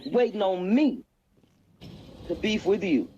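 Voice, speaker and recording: A woman's voice: mid-range voice, animated, slow, mellow, lo-fi sound, a little hiss or hum. A woman hosting a live stream, giving casual commentary in a blunt, emphatic, profane way.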